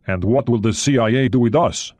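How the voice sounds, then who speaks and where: A man's voice: medium pitch, fairly quick, a little mellow, no echo, lightly acted. A male audiobook narrator reading the lines of a reserved, formal foreign submarine captain.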